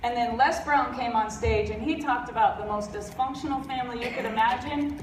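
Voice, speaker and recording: A woman's voice: a little high, fairly quick, background noise. Blunt, fired-up woman on a big stage. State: stuffy, congested. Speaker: convention speaker. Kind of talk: motivational stage talk. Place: large convention hall. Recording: roomy hall audio from far off.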